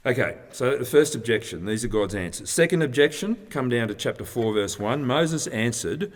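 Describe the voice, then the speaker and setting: A man's voice: mid-range voice, expressive, moderate pace, hardly any pauses. A man preaching a sermon, explaining in a conversational way and often restarting his sentences. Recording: long reverb of a hall.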